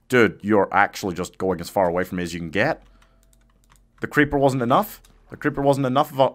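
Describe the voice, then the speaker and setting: A man live-streaming a game, talking casually to his chat and yelling at his pet dog. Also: fairly low pitch, normal speed, long pauses.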